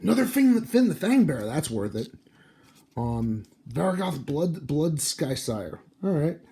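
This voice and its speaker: In this casual unboxing commentary, a man tears open booster packs and drowsily mutters the card names, yawning along the way. He speaks at a measured pace in a high-leaning, sing-song voice that's mellow and husky.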